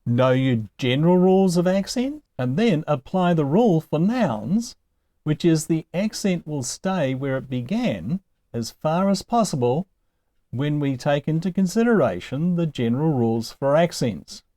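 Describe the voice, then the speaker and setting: A man talks through a lesson at an unhurried pace, his pitch rising and falling a great deal. His voice has a mellow, dark tone, and the sound is dry and close. He keeps asking gently wry rhetorical questions. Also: animated, dry recording. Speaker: Greek teacher. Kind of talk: recorded lesson, explaining slowly.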